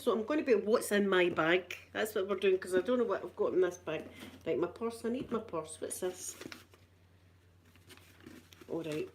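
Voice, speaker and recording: A woman's voice: medium pitch, breathy edge. Chatty Scottish woman, middle-aged. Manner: chatty, laughs often, repeats herself. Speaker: channel host. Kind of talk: casual live-stream chat.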